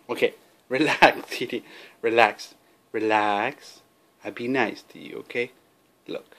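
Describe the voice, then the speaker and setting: Man, home video, baby talk to a cat; slow and gravelly delivery. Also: mid-range voice, a bit bright. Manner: coaxing sing-song baby talk to a pet. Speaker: cat owner filming his cat.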